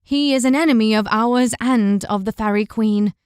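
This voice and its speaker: A woman's voice: a little high, normal speed, smooth, no room sound, clean studio sound, lightly acted. A woman voicing a determined, outspoken young heroine in a fantasy audiobook, firm and insistent. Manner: forceful, insistent.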